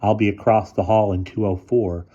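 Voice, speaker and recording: A man's voice: lowish voice, steady tone, moderate pace, mellow, highs cut off, lightly acted. A man voicing a nervous teenage schoolboy who brings bad news hesitantly.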